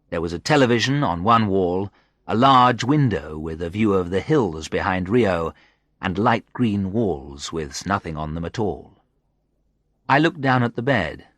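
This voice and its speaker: Slow, expressive male storyteller. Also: sits low, no room sound, clean studio sound. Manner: slow, clear and expressive reading. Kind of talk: graded-reader story narration.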